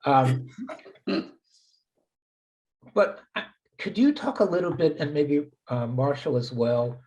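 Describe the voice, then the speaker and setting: A man's voice: a little high, expressive, takes it slowly, darkish tone, rough recording. Guy moderating a panel, kinda hesitant, ums and restarts. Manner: hesitant, many fillers. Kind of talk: panel discussion.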